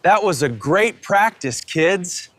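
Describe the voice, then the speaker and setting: Guy doing a cheerful storybook dad, bouncy voice, super slow, music behind. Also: sits high, expressive, a bit bright, full character voice. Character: warm, cheerful father of two kids.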